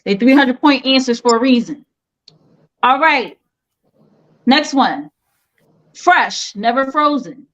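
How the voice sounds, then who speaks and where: Slow, playful woman hosting a quiz. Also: high voice, lively intonation, muffled recording. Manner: playful, teasing contestants. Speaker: game show host.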